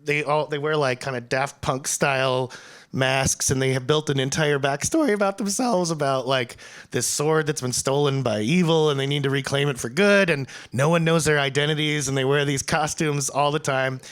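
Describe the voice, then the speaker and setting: A man's voice: a little high, moderate pace, fairly bright tone, clean tone. A man on a festival panel telling a rambling story, full of restarts and fillers. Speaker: panel guest.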